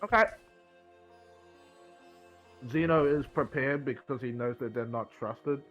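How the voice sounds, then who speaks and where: Male tabletop player, mid-pitched, stammering explanations, faint music behind. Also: measured pace, highs cut off. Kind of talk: casual chat in a tabletop game.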